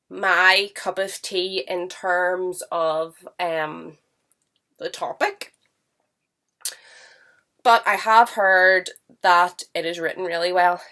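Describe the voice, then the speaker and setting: Speaking at a fairly low pitch with a slightly bright quality, this woman is a book vlogger. She's congested from a cold but talks about books with real enthusiasm, chatting casually to camera at home.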